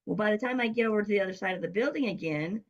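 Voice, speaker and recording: Middle-aged woman, interview guest, animated anecdote teller, voices other people when she quotes them. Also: medium pitch, rapid-fire, muffled recording. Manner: lively storyteller who acts out quoted voices. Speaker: guest, business coach. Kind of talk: casual storytelling interview.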